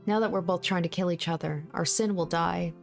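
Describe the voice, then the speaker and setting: A woman reading aloud from a visual novel and voicing a calm young woman fighter who speaks quietly and with resignation. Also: fairly low pitch, fairly quick, vocal fry, soft background music.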